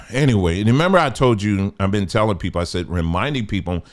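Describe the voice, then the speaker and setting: Talking fast and expressively in a lower voice, a livestream host offers commentary, stressing his points, repeating them and throwing out rhetorical questions.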